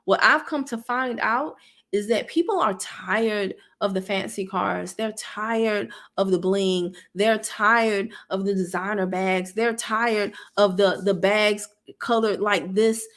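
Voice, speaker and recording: An online business coach in her thirties hosts an easygoing livestream, speaking candidly to viewers, reading their comments out loud, and frequently laughing. Her voice is mid-range and a bit bright, and her pace is slow.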